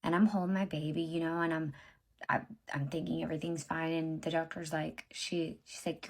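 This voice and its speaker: A woman's voice: low-pitched, flat delivery, moderate pace. A woman in her thirties telling her own story to viewers in a blunt, profane, exasperated way, talking straight to them. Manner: addresses viewers directly as y'all. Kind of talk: casual storytime monologue.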